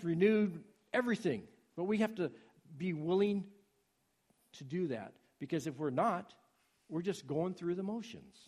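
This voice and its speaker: A man preaching a sermon in a husky voice, swinging from soft pleading to loud urging. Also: a little high.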